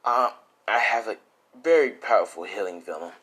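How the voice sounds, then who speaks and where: A man voicing a teenage boy hero in a fan-made spoken story, in a low-key, quiet way close to his own voice. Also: lively intonation, moderate pace, slight background noise. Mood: calm. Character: teenage boy hero, calm, matter-of-fact.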